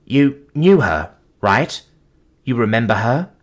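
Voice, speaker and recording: A man voicing a young woman clone who talks in a hesitant, halting way. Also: medium pitch, very animated. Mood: hopeful.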